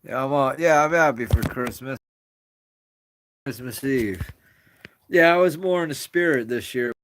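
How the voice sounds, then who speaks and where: A man's voice: mid-range voice, measured pace, a bit bright, slight background noise. A man hosting a casual live stream from home on his phone, rambling and greeting viewers as they join. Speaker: livestream host.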